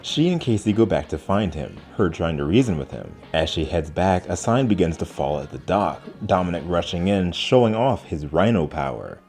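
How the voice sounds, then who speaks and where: A man's voice: low voice, sing-song, normal speed, few pauses, darkish tone, faint music behind. A young man hosting a show, giving casual, enthusiastic reaction commentary, chatty and full of "like". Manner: enthusiastic, chatty, says "like" often. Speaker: show host.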